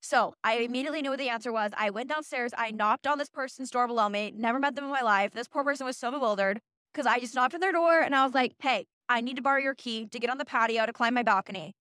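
Young woman, early twenties, high-pitched, dry close sound, animated, swears freely, self-mocking storyteller. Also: fast talker, smooth, dry recording. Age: early 20s. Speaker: podcast host. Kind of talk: casual storytelling monologue.

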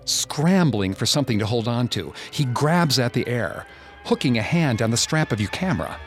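A man narrating a second-person horror story in a slow, hushed way. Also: mid-range voice, expressive, soft background music.

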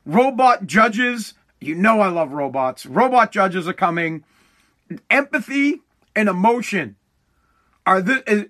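A young man hosts his own podcast alone, telling stories in a loose, rambling stream full of swearing and false starts. His voice sits high for a man and sounds bright and forward. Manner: rambling, profane, restarts often. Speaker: podcast host. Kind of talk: casual solo podcast monologue.

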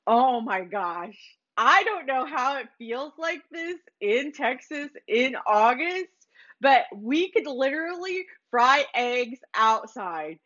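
Lady doing a super grateful upbeat guy, gushing, higher voice, muffled sound. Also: sing-song, takes it slowly, a bit bright, exaggerated voice. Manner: gushing, enthusiastic. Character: cheerful thankful grown man, gushing.

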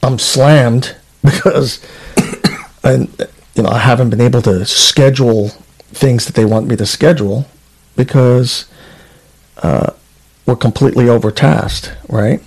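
A man in an interview, talking about his time as a trooper and reading email chains aloud. He speaks casually, with many fillers and false starts, in a voice of ordinary pitch. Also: a little slow, gravelly, long pauses, darkish tone, breathy edge. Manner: conversational, reads out documents, frequent fillers. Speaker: former state trooper.

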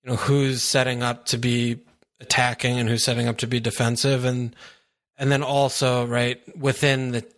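A tired man co-hosting a casual podcast, speaking at a mid pitch. His voice is bright, and his delivery is easygoing and filled with "yeah" and "you know". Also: flat delivery, normal speed. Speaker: podcast co-host. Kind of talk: casual chat.

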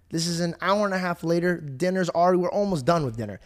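A young man hosting a podcast, telling a story in an excitable, casual way, swearing freely and acting out the voices of the people he quotes. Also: fairly high pitch, fast talker. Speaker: podcast host.

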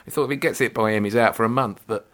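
A man co-hosting a casual football chat, animated and sarcastic. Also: mid-range voice, very fast. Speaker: football podcast co-host.

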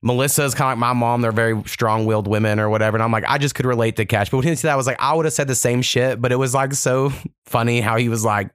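A man's voice: mid-range voice, steady tone, quick pace, clean tone, no room sound, studio quality. A man hosting a podcast in casual chat, telling stories in a laid-back, profane way. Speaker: podcast host.

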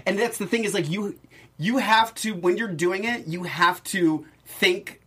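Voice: medium pitch, unhurried, pushed and bright. A regular podcast co-host in casual chat, agreeable and often checking that the point lands.

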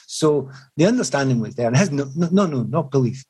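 A middle-aged man, formerly a footballer, speaks fairly quickly in a mid-range, slightly rough voice, recorded in low quality. He's being interviewed and tells reflective, animated anecdotes with many restarts.

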